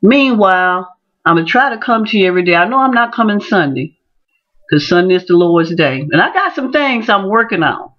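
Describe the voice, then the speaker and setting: A woman telling a personal story in a casual vlog, animated and acting out the other people's voices. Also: medium pitch, fairly quick, dull audio. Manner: animated, acts out voices in her stories. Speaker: teacher and vlogger.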